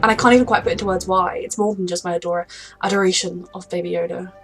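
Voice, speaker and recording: A woman's voice: on the low side, steady tone, rapid-fire, soft background music. A woman hosting a reaction video, gushing and emotional, often exclaiming at the screen. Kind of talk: casual reaction commentary.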